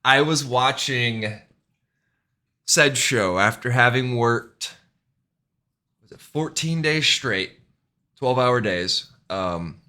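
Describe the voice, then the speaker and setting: A man's voice: medium pitch, slow, pauses often, bright, forceful tone. A man streaming a game, telling rambling, profane stories in casual chat and laughing at himself. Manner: profane, rambling, self-deprecating; fillers and restarts, laughs at himself.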